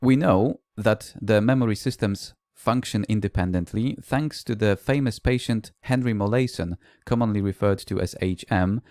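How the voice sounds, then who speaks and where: Low-voiced man giving a conference talk. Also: normal speed, hardly any pauses, a little mellow, no room sound, clean studio sound. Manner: explanatory, classroom anecdotes, occasional "uh" fillers. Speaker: language teacher and conference speaker. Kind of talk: recorded conference presentation.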